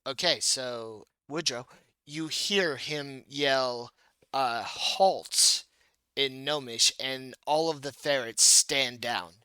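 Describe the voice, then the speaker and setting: A man narrating a tabletop game as game master, unhurried and playful. His voice is bright and smooth, a touch higher than most. The recording is dry and close. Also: no room sound. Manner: playful narration with laughs and restarts.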